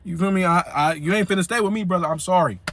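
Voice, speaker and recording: A young man vlogger telling a story casually, full of slang and fillers, animated. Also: sits high, fast talker, dry recording.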